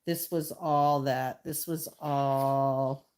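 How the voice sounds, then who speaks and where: A woman's voice: extremely low pitch, steady tone, drawn-out words, darkish tone, clean tone. A middle-aged woman chatting casually while she paints live, talking to her painting and thanking viewers. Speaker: artist livestreaming.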